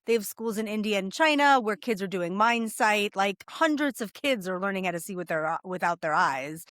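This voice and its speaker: A woman's voice: medium pitch, lively intonation, moderate pace, a bit bright, dry recording, studio quality. A woman hosting a casual interview, speaking in a thoughtful, searching way. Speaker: podcast host.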